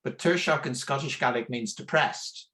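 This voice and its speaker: A man speaking in a casual panel conversation, hesitant and self-deprecating with halting starts. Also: mid-range voice, sharp tone.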